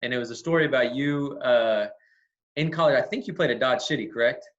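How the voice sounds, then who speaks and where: A man's voice: medium pitch, fairly quick, fairly bright tone, highs cut off. A man hosting an interview, giving the guest encouraging, rambling prompts. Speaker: podcast host. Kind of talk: interview questions.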